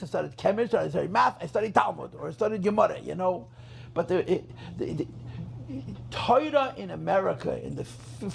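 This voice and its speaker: A man's voice: high voice, creaky, fairly bright tone, slight background noise. A rabbi telling a story at a gathering, emphatic, repeating his phrases and mixing in Yiddish terms. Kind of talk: farbrengen storytelling talk.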